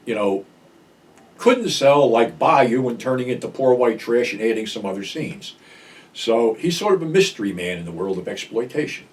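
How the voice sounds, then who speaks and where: A man's voice: mid-range voice, distant mic. Older guy blunt and salty, telling a movie plot off the cuff, sits a bit back from the mic. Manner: blunt, profane storyteller. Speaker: film review host. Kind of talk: casual film recap.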